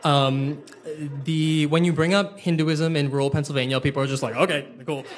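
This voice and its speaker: Live in front of listeners, a young man recounts an amusing episode from his own life, his voice on the high side and steady in tone. He's sharp and self-mocking, and his delivery is full of "um" and "uh."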